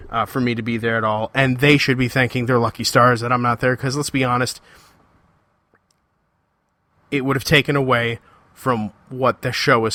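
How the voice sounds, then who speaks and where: Male podcast host, bright voice, dry close sound, ranting solo and repeating himself for emphasis. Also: medium pitch, no echo. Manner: heated, confrontational ranting; repetitive, emphatic phrasing.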